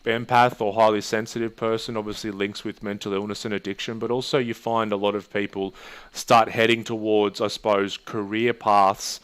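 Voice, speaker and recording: A man's voice: on the low side, normal speed, clear, resonant tone. A man, a therapist co-hosting a podcast, chatting casually and retelling stories with energy. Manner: chatty storyteller, animated retelling. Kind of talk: casual chat.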